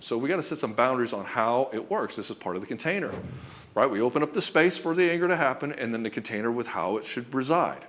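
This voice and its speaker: Male relationship coach, mid pitch, rapid and emphatic, blunt with frequent profanity. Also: expressive, fairly bright tone. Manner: acts out short quoted lines in other voices. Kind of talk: direct-to-camera coaching talk.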